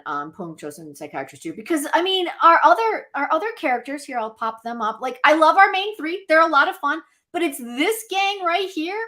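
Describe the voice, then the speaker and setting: A woman co-hosting a live chat stream, talking casually and animatedly to viewers and co-hosts. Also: high-pitched. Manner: chatty, animated, talks to viewers directly. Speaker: podcast co-host.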